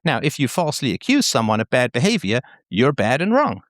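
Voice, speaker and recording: A man's voice: medium pitch, fairly quick, dry recording. A man hosting a call-in show, talking frankly and probing the caller. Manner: frank, probing, lively delivery.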